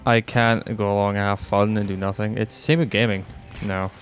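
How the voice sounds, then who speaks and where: A man's voice: on the low side, little pitch movement, normal speed, soft background music. A Scottish man ranting bluntly and rambling on a casual podcast, swearing heavily and sounding fed up. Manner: exasperated, fed-up. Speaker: podcast host.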